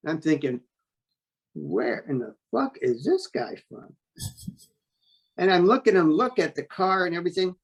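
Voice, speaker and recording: A man's voice: on the high side, big pitch swings, a little slow, long pauses, husky. Blunt, profane male storyteller. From New York State. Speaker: interview guest. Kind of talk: casual storytelling.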